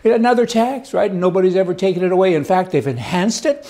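A man's voice: high voice, animated, quick pace, dark tone. A man from Canada giving a folksy, sarcastic political monologue, speaking to his viewers with emphatic asides. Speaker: commentator.

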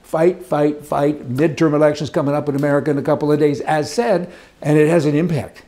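A man's voice: on the high side, steady tone, fairly quick, warm tone. A man giving opinionated political commentary in an emphatic, rambling rant, talking indoors beside a fireplace.

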